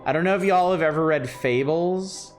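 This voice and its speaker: A man's voice: fairly high pitch, moderate pace, faint music behind. A man streaming a game live, reacting and commenting in a casual, enthusiastic way. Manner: reactive, easily startled, enthusiastic.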